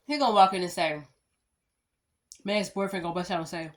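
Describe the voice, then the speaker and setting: A woman's voice: on the low side, brisk, long pauses. A woman in her thirties chatting casually to her viewers, rambling through storytime anecdotes and addressing them as y'all. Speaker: vlogger.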